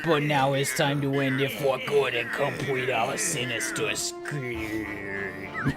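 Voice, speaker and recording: A man's voice: mid-range voice, pitched below the performer's own voice, close to an everyday voice. A man doing a gloating corporate villain bee. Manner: drawn-out, gloating delivery. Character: scheming corporate villain bee, adult male. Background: game music.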